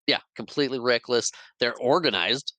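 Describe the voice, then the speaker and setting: In a casual movie recap, a male podcast host walks through the plot and performs the characters' dialogue with laughs. His mid-range voice sounds pushed and bright at a normal pace, recorded roughly without room sound.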